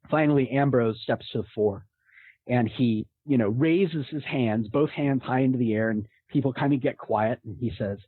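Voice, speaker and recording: Man, casual animated storyteller, husky voice, dry phone-line sound. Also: medium pitch, no echo. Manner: animated, laughing through the story. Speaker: podcast guest; game master telling a story.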